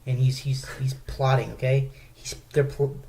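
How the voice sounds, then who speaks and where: A man's voice: medium pitch, little pitch movement, normal speed, creaky, a little mellow. A man co-hosting a comedy podcast, ranting in a mock-preachy way in casual banter and tagging his points with "okay?". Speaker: podcast co-host.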